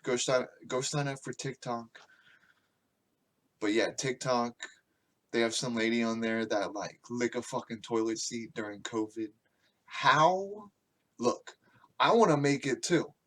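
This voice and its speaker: A man hosting a podcast, ranting casually in a crude, mocking and profane way. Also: mid-range voice. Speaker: podcast host.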